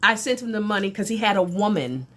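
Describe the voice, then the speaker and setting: A middle-aged woman, a spiritual teacher, telling a personal story on a livestream in an animated, folksy, exclamatory way. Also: mid-range voice, fast talker.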